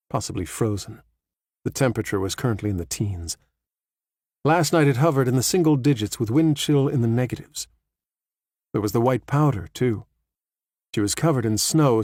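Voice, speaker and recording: A man narrating a thriller audiobook in a measured, even storytelling manner. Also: medium pitch, breathy edge, dry recording, studio quality. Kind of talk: scripted narration.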